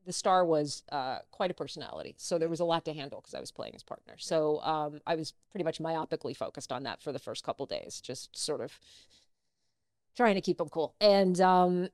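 A middle-aged actress, a guest in a casual interview, telling personal stories and acting out what others said. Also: female voice, low-pitched, fairly quick, dry recording, studio quality. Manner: animated, acts out quoted dialogue.

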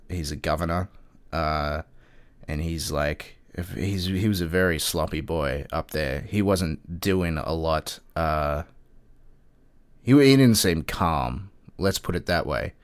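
A man's voice: extremely low pitch, smooth, no echo. A man giving casual political commentary in a wry, sarcastic way, swearing freely and using lots of fillers.

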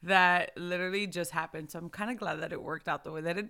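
A woman in her thirties hosting a casual, heartfelt Christian talk show, lively and laughing often, speaking into a microphone. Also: on the low side, fast. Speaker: host of a Christian ministry video show. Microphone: microphone in front of her.

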